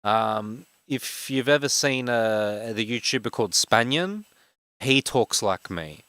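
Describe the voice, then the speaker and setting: A man in his twenties from Australia with a broad Western Sydney accent, a game streamer who talks fast and rambles with many fillers in casual chat. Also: mid-range voice, animated, fairly bright tone, clear, resonant tone, no room sound. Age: 20s.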